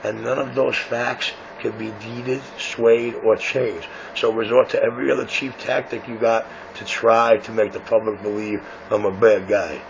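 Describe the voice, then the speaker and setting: A man with a lowish voice and vocal fry talks at a moderate pace in a level tone, rarely pausing. He runs a radio shop and brashly boasts and taunts his rivals over CB radio, full of self-importance. The muffled CB audio carries a faint hiss.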